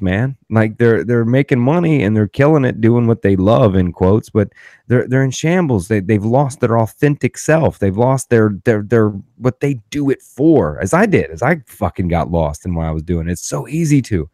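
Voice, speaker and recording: Guy ranting on his podcast, swears a lot, lowish voice, dead dry mic. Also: expressive, moderate pace, warm tone, dry recording. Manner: profane, ranting storyteller. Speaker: podcast host. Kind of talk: casual podcast chat.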